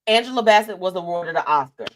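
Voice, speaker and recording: A woman's voice: lowish voice, fast, noisy background. Sassy woman hosting live gossip talk. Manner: animated and sassy, reads viewer comments aloud. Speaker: live show host. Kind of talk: casual celebrity gossip commentary.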